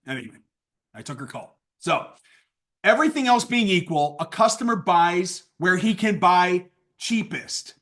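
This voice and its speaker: A man giving a casual sales training talk, blunt and worked up, swinging from loud outbursts to low asides. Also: animated, a little slow.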